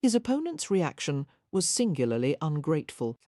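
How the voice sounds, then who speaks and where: Female narrator, measured reading, mellow and low. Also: sing-song, no room sound, clean studio sound. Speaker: audiobook narrator. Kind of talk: scripted narration.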